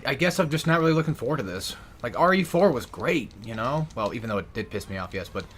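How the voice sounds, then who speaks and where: A man's voice: mid-range voice, fairly bright tone, breathy edge. A young man giving casual, rambling gameplay commentary, sarcastic and swearing often. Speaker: gaming YouTuber.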